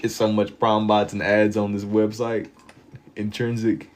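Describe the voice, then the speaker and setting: Young guy streaming while he draws, chill slangy chat, kinda low voice. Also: little pitch movement, measured pace, darkish tone. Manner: laid-back slang-heavy banter, reads chat aloud. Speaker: live-stream artist. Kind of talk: casual live-stream chat while drawing.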